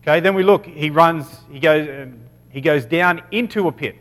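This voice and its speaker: With an Australian accent, a preacher gives a casual Bible teaching, sprinkling in "okay" and correcting himself along the way. His voice is a little high and a bit bright, and he talks at a normal pace. The recording carries the long reverb of a hall.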